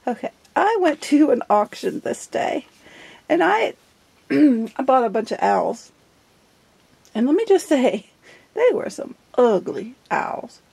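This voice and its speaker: A woman's voice: high voice, big pitch swings, slow pace, vocal fry, pauses often, a little mellow, slightly rough, no echo. A middle-aged woman chatting casually while flipping through her journal, giggly and self-deprecating. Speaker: journal vlogger. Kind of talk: casual show-and-tell chat.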